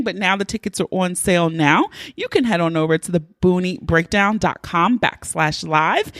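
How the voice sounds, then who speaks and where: This podcast host talks into a close mic in a casual monologue, playful and chatty with plenty of swearing. Her mid-range voice is a bit bright, and there is no room sound.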